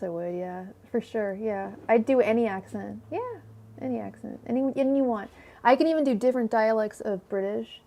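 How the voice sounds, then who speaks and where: Chatty Californian woman, slightly high voice. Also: vocal fry, dark tone. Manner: rambling and chatty, many fillers and restarts, laughs often. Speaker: tarot reader. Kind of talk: casual livestream chat. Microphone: own microphone at home.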